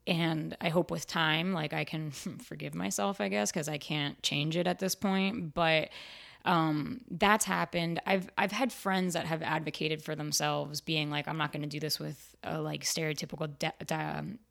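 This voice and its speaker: A woman's voice: sits low, fairly even intonation, moderate pace, gravelly, fairly bright tone. A woman, an actor being interviewed, talking casually and chattily, full of "like" fillers. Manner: chatty, filler-heavy with frequent "like". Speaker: actor, guest. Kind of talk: casual chat.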